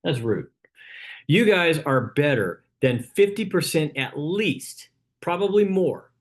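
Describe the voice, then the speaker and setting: High-voiced man coaching his team. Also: expressive, takes it slowly. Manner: coaching, punchy, repeats "okay?" after points. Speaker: real estate broker leading a team training. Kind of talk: team training talk.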